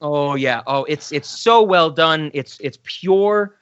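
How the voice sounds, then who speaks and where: A man's voice: fairly high pitch, takes it slowly, a bit bright, clear, resonant tone, no echo, dull audio. A man co-hosting a film podcast, talking enthusiastically and rambling with restarts. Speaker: podcast co-host. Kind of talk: casual film discussion.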